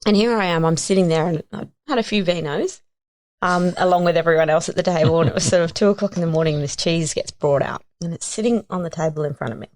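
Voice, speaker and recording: An Australian woman in her thirties tells a story on a podcast. Her voice is low and she talks in an animated, casual way, slipping into other people's voices as she goes. The sound is dry and close to the mic. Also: quick pace, no echo. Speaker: guest.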